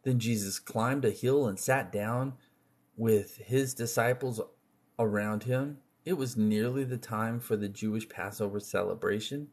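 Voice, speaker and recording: A man reading scripture aloud in an unhurried, measured way, with occasional slips and restarts. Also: fairly low pitch, a little mellow. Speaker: scripture reader.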